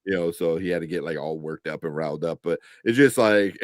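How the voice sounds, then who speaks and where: A man co-hosting a casual show review chat, animated and laughing often, with lots of fillers. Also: low voice, fairly quick, no echo, studio quality. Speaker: podcast co-host.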